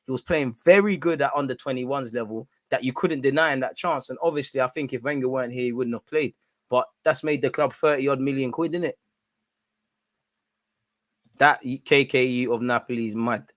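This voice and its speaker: A young man giving excitable, slang-filled banter on a live football watch-along stream. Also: medium pitch, brisk, dry recording.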